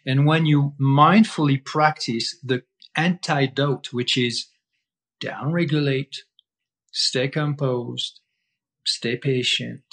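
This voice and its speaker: Guest man, mid-pitched voice, emphatic and repetitive teacher who answers his own questions. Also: steady tone, slow, fairly bright tone. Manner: emphatic, repetitive, asks himself rhetorical questions. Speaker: guest breath-holding teacher. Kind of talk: explaining in conversation.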